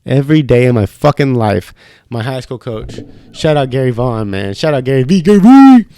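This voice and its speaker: A man's voice: medium pitch, normal speed, a little mellow. Profane, ranting young man host. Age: young adult. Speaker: podcast host. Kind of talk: casual podcast rant. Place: studio.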